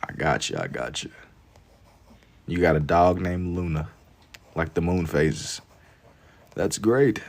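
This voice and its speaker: A young man with a very low voice chats at his own easy pace, the rhythm of his speech plain throughout. He reads viewers' comments aloud and replies while he draws, relaxed and joking. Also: takes it slowly, long pauses. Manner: laid-back, reads and answers chat while drawing. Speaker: livestream artist. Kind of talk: casual livestream chat.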